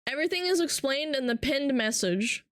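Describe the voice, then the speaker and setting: A woman's voice: high-pitched, animated, brisk, a bit bright, dry recording, studio quality. A young woman chatting casually on a live stream, playful and teasing, switching between English and Russian.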